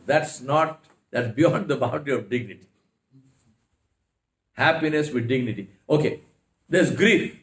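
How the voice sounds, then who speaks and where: A man's voice: mid-range voice, unhurried, long pauses. A man giving a religious lecture in a mosque, emphatic and full of rhetorical questions and repeated no's. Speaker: Islamic lecturer. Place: mosque hall. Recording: echoey mosque hall.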